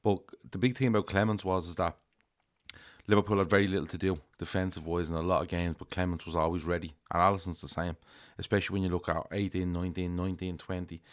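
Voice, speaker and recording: A man's voice: sits low, steady tone, fast. A man co-hosting a casual football podcast, talking emphatically with some swearing. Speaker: podcast co-host.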